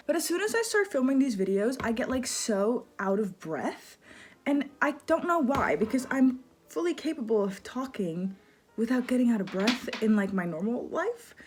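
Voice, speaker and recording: A young woman chatting casually about books she has read, rambling and bubbly, with lively asides, filmed at home on a phone camera. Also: a little high. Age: young adult. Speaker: book vlogger. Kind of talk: casual chatty book review. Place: indoors at home.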